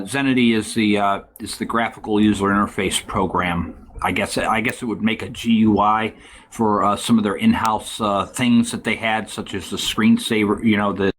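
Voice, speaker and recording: A man hosting a casual tech talk show, rambling and halting with many fillers. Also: on the low side, steady tone, slight background noise. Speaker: podcast host.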